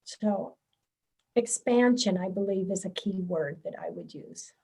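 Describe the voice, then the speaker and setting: A woman co-hosting a spiritual radio show, speaking in a slow, gentle, reflective way. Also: mid-range voice, vocal fry, husky, low-quality recording. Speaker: radio co-host.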